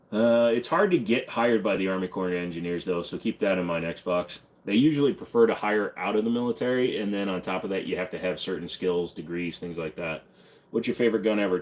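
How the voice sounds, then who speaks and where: A man hosting a live stream, answering chat questions in a blunt, offhand, casual way. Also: sits low. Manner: blunt, offhand, hums and sings snippets between questions.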